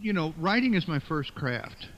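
A man being interviewed as a writer and musician, talking reflectively and haltingly, often repeating words as he searches for the phrase. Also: fairly high pitch, sing-song, fairly bright tone, a little hiss or hum. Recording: dull, muffled lo-fi sound.

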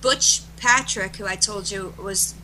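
A middle-aged woman, a guest being interviewed, telling stories emphatically and restarting her phrases as she rushes ahead. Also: medium pitch, sharp tone, slight background noise, poor audio. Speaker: interview guest, event organizer. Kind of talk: animated storytelling in conversation.

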